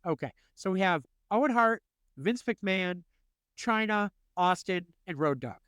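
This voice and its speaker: A man co-hosting a casual podcast chat, animated and quick to laugh. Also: clean tone, no echo, clean studio sound. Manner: animated, laughing, swings in pitch. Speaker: podcast co-host.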